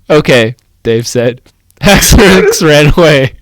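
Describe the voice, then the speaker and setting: A young man reads a clumsy fan story aloud for a comedy podcast, taking it slowly and tripping over the misspelled words. His pitch sits slightly high and swings a lot. The sound is dry and close. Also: expressive, dry recording. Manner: stumbling over misspelled words, breaking into laughter. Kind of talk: comedic dramatic reading with banter.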